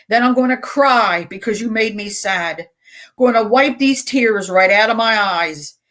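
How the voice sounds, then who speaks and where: On a community radio show, a middle-aged woman with a medium-pitched voice reads poems slowly and deliberately. Between them she drops in casual, chatty remarks.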